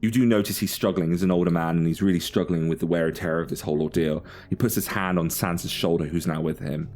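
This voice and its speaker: A man narrating a tabletop role-playing game as game master in a relaxed, descriptive way. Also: sits low, fast talker, few pauses, faint music behind.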